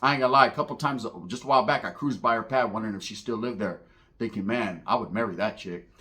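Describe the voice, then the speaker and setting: A man's voice: on the low side, quick pace. A man telling a profane comedic street story, acting out the voices of the people in it. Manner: animated, profane, slangy, acts out voices in the story.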